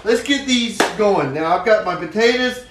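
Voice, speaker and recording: A man's voice: high voice, animated, normal speed. A man hosting a casual cooking stream from his home kitchen. He sits back from the mic in a roomy, echoey space, with a little hiss under his voice and pans clattering nearby. He reads recipe steps aloud and teases his partner as he goes. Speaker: home cook, show host. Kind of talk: casual cooking livestream chat. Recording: echoey kitchen, distant mic, some noise.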